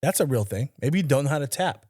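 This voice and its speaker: A man's voice: mid-range voice, expressive, quick pace, a little mellow, husky. A man co-hosting a casual podcast chat. He talks bluntly and with emphasis, curses freely and fires off direct instructions like a coach drilling his students. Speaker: podcast co-host.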